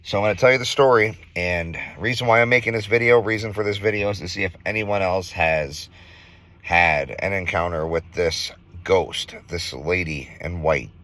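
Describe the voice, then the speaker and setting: A man in his thirties from Minnesota, earnestly telling a ghost story in a casual vlog, halting with fillers. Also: low-pitched, fairly bright tone. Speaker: vlogger.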